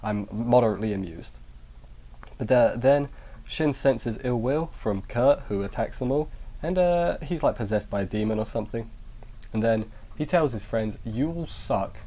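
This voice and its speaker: A man's voice: medium pitch, moderate pace, mellow. A man giving a casual anime review, rambling with frequent restarts and dry sarcasm. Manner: rambling, sarcastic, self-interrupting.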